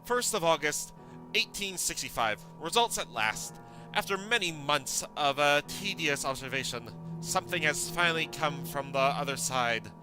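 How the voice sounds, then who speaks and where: A man voicing a Victorian professor reading out his experiment log in a slow put-on accent, over game music. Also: on the high side, lively intonation, close to an everyday voice, poor audio. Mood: grave.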